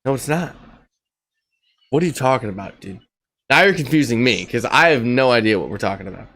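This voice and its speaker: A man's voice: medium pitch, lively intonation, fairly quick, fairly bright tone. A young man chatting casually on a podcast over a video call, joking and slipping into mock accents. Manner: playful, slips into mock accents. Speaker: podcast co-host.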